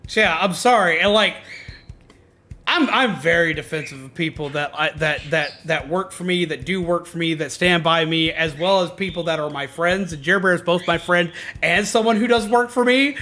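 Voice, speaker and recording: A man's voice: sits high, pushed and bright, slight background noise. A man streaming, ranting heatedly to his chat, swearing a lot and often stopping to restart or repeat himself. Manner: heated, profane, emphatic; self-interrupting, repeats himself.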